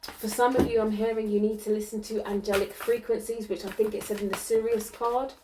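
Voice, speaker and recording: A woman giving a channeled card reading, gentle and reassuring, often ending her sentences with "okay?" and laughing lightly. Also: medium pitch, flat delivery, brisk, recorded from a distance, noisy background. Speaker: spiritual card reader.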